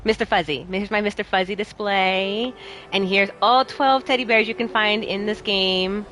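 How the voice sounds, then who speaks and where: Giggly, animated woman streamer. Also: medium pitch, normal speed. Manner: bubbly, giggly, animated, talks to chat. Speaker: streamer and host. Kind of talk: casual chat while playing a game live.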